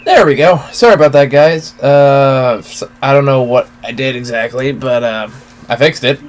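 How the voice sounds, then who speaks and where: A man with a mid-range voice and moderate pace hosts a let's play from home. Leaning back in his chair, he thinks aloud in laid-back commentary, swearing often.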